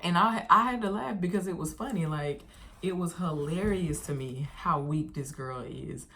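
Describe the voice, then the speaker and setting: A woman's voice: fairly low pitch, normal speed, a bit bright, a little hiss or hum. A woman vlogger telling a casual storytime, chatty and slangy, talking straight to her viewers.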